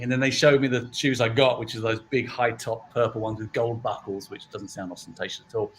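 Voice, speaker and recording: A middle-aged man with a medium-pitched voice talks briskly, with a little hiss or hum in the recording. He's a guest from a toy company on a casual chat stream, telling stories with animation and acting out the voices of people he quotes.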